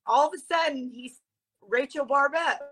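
A woman's voice: high-pitched, moderate pace. Heartfelt woman telling her story. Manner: heartfelt, animated, near tears at times. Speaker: interview guest, speaker. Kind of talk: emotional storytelling interview.

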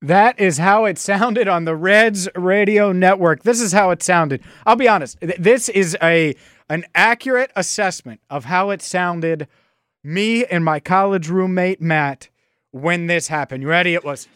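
A male podcast host talks sports in an animated, nostalgic way, often restarting his sentences. His voice sits a little high. He is recorded dry and close on a podcast mic. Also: measured pace, clear, resonant tone, dry recording. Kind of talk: casual solo sports podcast.

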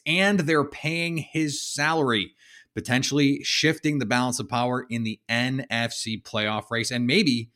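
A man hosting a sports podcast, punchy and energetic as he sets up debates. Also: mid-range voice. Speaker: podcast host.

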